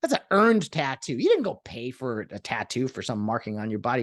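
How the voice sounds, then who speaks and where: A man talks alone on his podcast, rambling and sarcastic as he hops from one topic to the next. His pitch jumps all over the place, and the sound is dry and close, with no room around it. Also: wildly swooping pitch, fairly quick, no echo. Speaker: podcast host. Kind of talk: solo podcast monologue.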